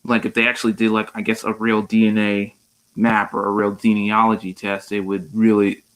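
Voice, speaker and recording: Man, panelist, casual chat, speculative, thinking aloud, fillers, lowish voice. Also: level tone, moderate pace, clean tone.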